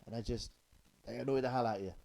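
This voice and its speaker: A man's voice: medium pitch, fairly even intonation, fast talker, creaky, darkish tone, rough recording. Man telling blue jokes. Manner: chuckles at his own jokes, loose and chatty. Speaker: stand-up comedian. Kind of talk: stand-up joke telling.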